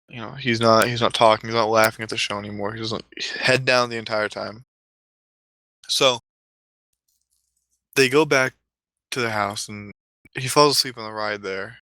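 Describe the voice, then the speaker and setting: A man's voice: lowish voice, normal speed, pauses often, bright, forceful tone, no room sound. Profane, rambling man telling a story. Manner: profane, rambling, self-correcting. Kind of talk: casual comic storytelling.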